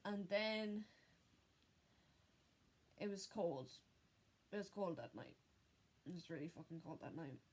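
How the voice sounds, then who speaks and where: A young woman telling a personal story in an unedited vlog, candid and full of swearing, with halting restarts. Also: on the low side, lively intonation, slightly rough. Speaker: vlogger.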